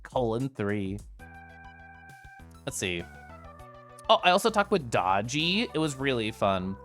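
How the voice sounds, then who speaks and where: A man's voice: medium pitch, big pitch swings, takes it slowly, a bit bright. Man, casual stream chat, giggly, chatty, faint music in the background. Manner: giggly, bubbly, chatty with many asides. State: tipsy from whiskey earlier. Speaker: streamer recapping VR chat meetups. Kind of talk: casual livestream chat to viewers.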